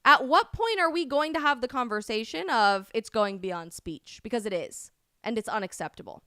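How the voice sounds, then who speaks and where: A woman hosting a live stream, delivering impassioned commentary that rises to loud, indignant peaks. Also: on the high side, lively intonation, normal speed, clean tone, no room sound, studio quality. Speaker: host of a live stream show.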